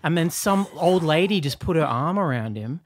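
An Australian man from Newcastle co-hosting a comedy podcast, telling stories in an animated, laughing way. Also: on the high side. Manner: animated storyteller, quick to laugh. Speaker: podcast co-host. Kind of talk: casual comedic chat.

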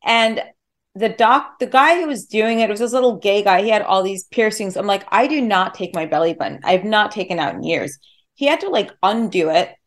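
A woman hosting a casual interview, reacting excitedly and chatting about her own experiences. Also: mid-range voice, brisk.

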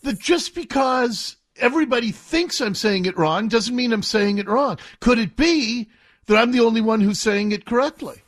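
A man from the Seattle area hosting a talk radio show, animated and indignant, arguing playfully with his co-hosts. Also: very high voice, moderate pace. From Seattle area, USA.

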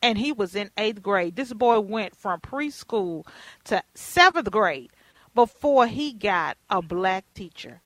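A woman's voice: medium pitch, slow, dry recording, poor audio. A middle-aged woman hosting a radio talk show, telling stories with playful emphasis. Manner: animated storyteller, playful and emphatic. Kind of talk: casual interview chat.

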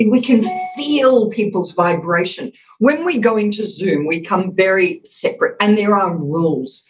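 Poor audio captures a woman of medium pitch. She is a communications expert being interviewed for a podcast, and her explanations are emphatic and demonstrative, with voice examples acted out along the way.

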